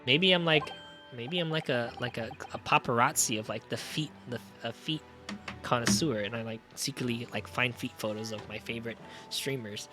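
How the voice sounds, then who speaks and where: A man's voice: mid-range voice, moderate pace, pushed and bright, soft background music. A man chatting on his livestream, joking crudely and swearing freely. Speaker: streamer. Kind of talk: casual livestream chat.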